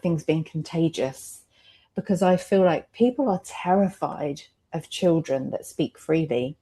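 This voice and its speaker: A mother with a deep, dark-toned voice takes part in a candid roundtable conversation. She speaks reflectively and emotionally, often laughing between her thoughts.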